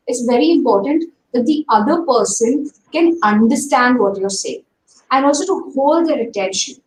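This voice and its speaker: A woman giving an animated webinar talk on speaking, over a video call. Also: high-pitched, roomy sound, distant mic, slight background noise, low-quality recording. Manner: animated, demonstrates pace and tone with her own voice. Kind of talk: lively teaching talk.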